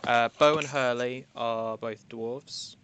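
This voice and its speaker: Gravelly man thinking aloud. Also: mid-range voice, fairly even intonation, slow, fairly bright tone. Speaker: player. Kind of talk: casual tabletop chat.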